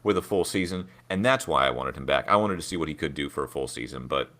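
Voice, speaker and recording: With a very deep, slightly bright voice, this Pittsburgh co-host talks sports fast and expressively. He's chatty and opinionated, leaning heavily on fillers and hedges.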